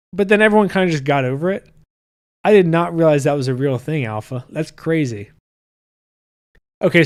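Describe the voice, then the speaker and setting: A man in his thirties hosting a podcast, chatting casually and reading viewer comments in a loose, profane way. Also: a little high. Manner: loose and profane, with frequent restarts. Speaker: podcast host.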